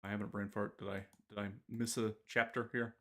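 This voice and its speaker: A man co-hosting a casual gaming podcast, talking in halting bursts full of filler pauses. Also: lowish voice, level tone. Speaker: podcast co-host.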